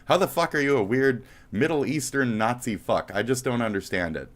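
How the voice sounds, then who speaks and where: A man's voice: medium pitch, expressive, a little fast. A man streaming live commentary as a heated, profane, mocking rant. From United States.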